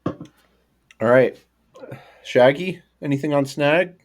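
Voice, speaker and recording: A man hosting a podcast, asking relaxed follow-up questions. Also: on the high side, takes it slowly. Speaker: podcast host. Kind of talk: casual interview.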